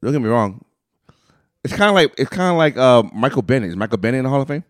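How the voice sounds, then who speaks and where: A man's voice: mid-range voice, sing-song, fast talker, dry recording, clean studio sound. A man co-hosting a casual podcast over beers, blunt and skeptical, often giving short replies. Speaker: podcast co-host.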